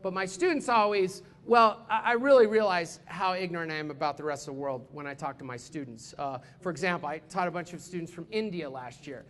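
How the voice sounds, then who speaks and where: A young American man performing an energetic stand-up comedy set on a club stage, slipping into quick character voices. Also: on the high side. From United States.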